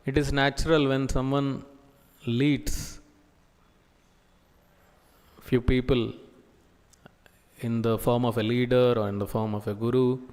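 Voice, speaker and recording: A man delivers a sermon-style scripture class in a slow, measured way. He halts often, pausing to search for words. His mid-pitched voice carries a long echo from a temple hall. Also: darkish tone, clean tone. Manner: slow, halting delivery with many pauses and fillers. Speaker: preacher giving scripture class.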